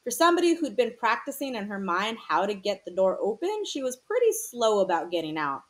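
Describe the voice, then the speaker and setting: A woman with a medium-pitched, near-everyday voice plays a scared teenage boy, talking a little fast with big pitch swings. The troubled character tells a painful story in tense, slangy fashion.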